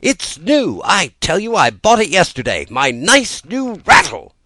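A quarrelsome, tantrum-prone storybook twin, as a man puts him on, loud and scornful. The low voice jumps around a lot, and it is recorded dry and close. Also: sing-song, moderate pace, no room sound. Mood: furious. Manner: loud, contemptuous outbursts.

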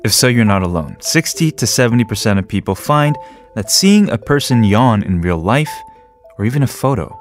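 A man's voice: lowish voice, sing-song, moderate pace, faint music behind. A man hosting a radio show, reading a script and then chatting with jokes and small laughs. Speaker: radio host. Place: radio studio. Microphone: studio microphone.

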